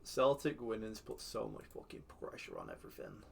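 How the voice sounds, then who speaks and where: A man in casual gaming commentary, cursing freely as he talks through his football management game. His voice jumps into loud outbursts at the match events. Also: on the low side, fairly quick, creaky, breathy edge. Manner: sweary, excitable, shouts at the game.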